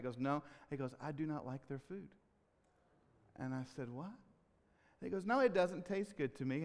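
A man preaching a sermon as pastor, earnest, swelling loud on key phrases and dropping low. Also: clear, resonant tone. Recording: long hall reverb.

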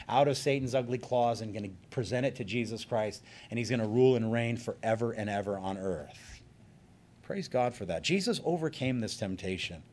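A male pastor giving an earnest sermon, slowing down to stress key points. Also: medium pitch, a little mellow. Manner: earnest, emphatic preaching with slowed stresses.

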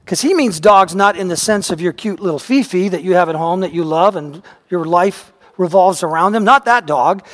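Male pastor with a high voice, animated storytelling sermon, recorded in a reverberant church sanctuary. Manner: animated storyteller, voice rising and shouting at dramatic moments. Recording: long reverb of a large hall.

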